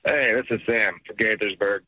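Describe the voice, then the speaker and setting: Male radio caller, relaxed and chatty, thin phone-line sound. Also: lowish voice, moderate pace, breathy edge, no echo. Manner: relaxed, chatty, a little laughing. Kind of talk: phone-in call to a radio show.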